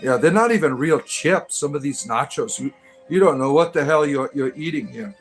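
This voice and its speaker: A man's voice: on the high side, animated, normal speed, faint music behind. Rambling man chatting to his stream. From Detroit, Michigan. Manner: rambling, hesitant, many fillers and restarts; reads viewer comments aloud and answers them. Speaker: livestream host reading chat. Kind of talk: casual livestream chat.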